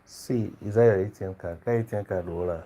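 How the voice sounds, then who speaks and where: A man's voice: low voice, fast talker, warm tone. A father and channel host chatting playfully with his baby, teasing and coaxing with lots of questions.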